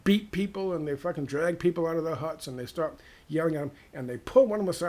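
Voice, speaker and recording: A man with an American accent giving a heated, profane political monologue, firing off rhetorical questions and dropping to hushed tones. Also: a little high, lively intonation, fast, few pauses. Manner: ranting, drops to hushed tones. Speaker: political commentator.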